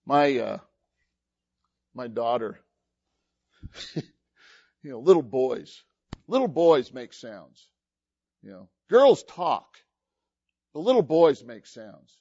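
A man preaching a sermon, folksy and animated, telling stories and quoting scripture. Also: medium pitch, takes it slowly, pauses often, no room sound, lo-fi sound. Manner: animated, folksy storytelling with laughs and quoted voices. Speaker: pastor.

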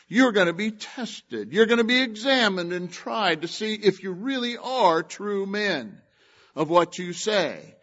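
A man preaching a sermon, retelling a scripture story with lively acted-out voices. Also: high voice, slow pace, dull audio. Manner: animated storytelling, acts out the characters.

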